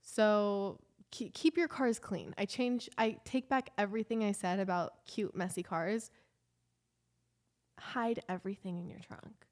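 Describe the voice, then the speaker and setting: A woman's voice: mid-range voice, a little slow, a little mellow. A young woman vlogging in a casual confessional chat, emotional and rambling, full of "like" fillers.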